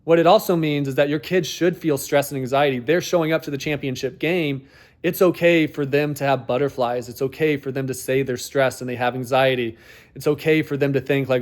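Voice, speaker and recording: A man's voice: medium pitch, fairly even intonation, brisk. Guy on a podcast talking parenting, earnest, lots of "like", asks himself questions. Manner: earnest, talks in rhetorical questions, many "like" fillers. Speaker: podcast host. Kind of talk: reflective monologue on parenting.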